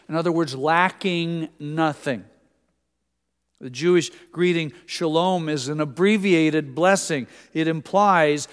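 A man's voice: on the high side, smooth. Older male preacher in a reverberant hall. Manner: conversational preaching with dramatic volume swings. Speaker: pastor. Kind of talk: sermon. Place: church sanctuary.

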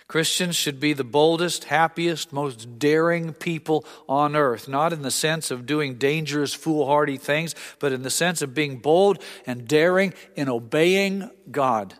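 Earnest preacher in a reverberant hall. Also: male voice, fairly high pitch, unhurried, hardly any pauses. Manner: earnest storytelling, acts out voices. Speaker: pastor. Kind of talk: sermon.

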